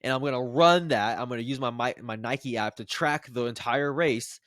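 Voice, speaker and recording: A man in his twenties casually telling a personal story to the camera, rambling and animated with frequent restarts. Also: medium pitch, moderate pace, no room sound, studio quality. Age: 20s. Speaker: vlogger.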